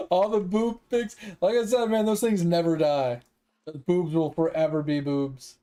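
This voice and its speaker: A man's voice: high-pitched, fairly even intonation, slow, mellow, faint music behind. Profane, rambling man streaming games. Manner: profane, rambling, laughs often. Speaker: gaming streamer. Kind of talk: casual chat with stream viewers.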